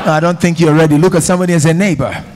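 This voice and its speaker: A man's voice: a little high, very fast, crowd noise. Emphatic African-accented male preacher. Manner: emphatic, call-and-response with congregation. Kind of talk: sermon. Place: church hall with congregation.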